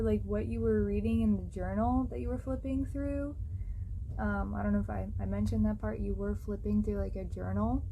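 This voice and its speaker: A woman with a mid-pitched voice chats casually and rambles. She halts, searches for words and laughs often. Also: warm tone, slight background noise. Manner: rambling, full of fillers, laughing. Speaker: friend sharing a dream. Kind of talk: casual emotional chat.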